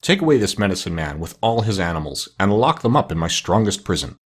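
A man reading aloud and voicing a proud, stern king who is quick to anger. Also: low-pitched, very animated, slightly rough, heavily acted. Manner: stern, indignant. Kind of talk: storybook reading.

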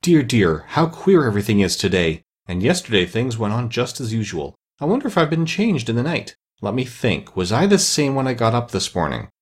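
A man's voice: medium pitch, very animated, a little fast, hardly any pauses, breathy edge. A man voicing a curious, fretful little girl who anxiously talks to herself in a storybook reading. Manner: anxious, rising exclamations.

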